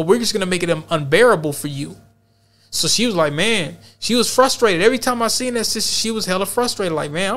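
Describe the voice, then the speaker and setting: A man with a fairly high speaking voice hosts a casual podcast. He rambles through a story in loose, streetwise slang, doubling back on his words as he goes. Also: bright, forceful tone. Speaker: podcast host.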